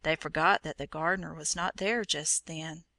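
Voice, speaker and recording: A woman narrating a children's storybook legend in a gentle, even storytelling manner. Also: deep voice, normal speed, gravelly, no room sound.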